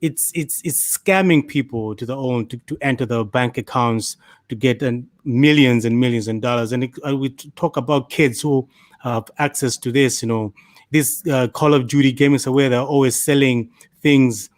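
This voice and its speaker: A man's voice: medium pitch, normal speed, dry recording, studio quality. A man on a discussion panel, telling stories in a rambling way and repeating words. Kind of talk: casual discussion.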